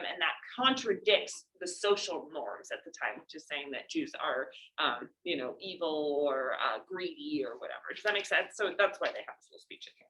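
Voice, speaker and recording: A woman's voice: fairly low pitch, bright, forceful tone, poor audio. A woman teacher giving a casual classroom lecture, explaining with many fillers.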